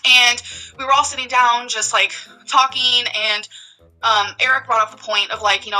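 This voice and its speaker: A woman's voice: a little high, a little fast, sharp tone, faint music behind, low-quality recording. A woman telling a story on her vlog, emphatic and heated, with many fillers like "like" and "um". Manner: emphatic, heated rant full of "like" and "um". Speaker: vlogger.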